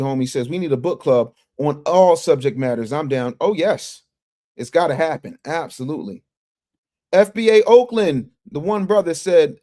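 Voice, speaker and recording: A man hosting a casual livestream, reading viewer chats and commenting in an animated, emphatic way that repeats phrases and restarts often. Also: on the high side. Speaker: livestream news commentary host.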